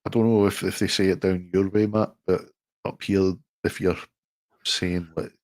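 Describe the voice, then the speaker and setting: Scottish man from Glasgow, very low and dry, sweary casual storyteller. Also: little pitch movement, moderate pace, a little mellow, dry recording. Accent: Glaswegian. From Scotland. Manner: swearing storyteller, laughs often. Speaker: live stream co-host. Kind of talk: casual chat.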